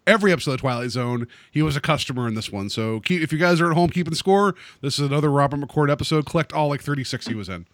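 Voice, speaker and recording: A man's voice: a little high, animated, very fast, few pauses, no room sound. A man co-hosting a podcast in casual chat, rambling and joking as he corrects himself. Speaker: podcast co-host.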